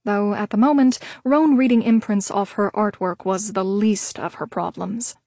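A woman reading an audiobook in steady, measured scripted narration on a close mic. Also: mid-range voice, no echo.

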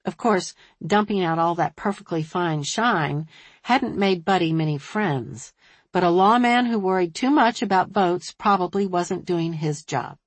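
Measured woman audiobook narrator. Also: lowish voice, lively intonation, no room sound. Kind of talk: scripted narration.

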